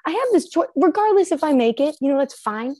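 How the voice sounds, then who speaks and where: A woman's voice: high voice, sing-song, brisk, mellow, no echo. A young woman in casual podcast chat, telling a laughing, easygoing story.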